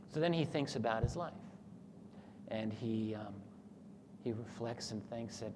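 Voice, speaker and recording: In an echoey hall with faint background noise, a man speaks at a talk in a medium-pitched, steady voice at a normal pace. He earnestly retells a story during his lecture and acts out the thoughts he quotes.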